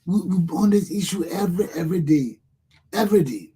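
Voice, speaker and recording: A man's voice: high voice, animated, a little fast, mellow, slight background noise. A man with a Liberian English accent hosting a talk show, giving impassioned political commentary and repeating himself as he addresses his listeners.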